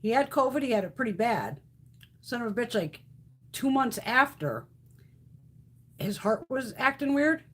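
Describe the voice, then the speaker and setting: A woman in her fifties talks casually to her live-stream viewers, swearing freely and telling animated stories. Her voice sits a little high and is somewhat husky. Her pitch swings widely as she talks. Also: a little slow, pauses often.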